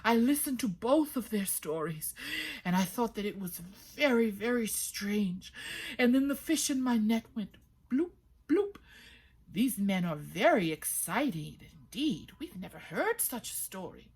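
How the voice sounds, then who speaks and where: A man's voice: sits high, sing-song, measured pace, a little mellow, breathy edge, heavily acted. A woman voicing a fisherman in a folktale who tells his part of a strange story in tears. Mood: tearful, excited. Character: tearful excited male fisherman.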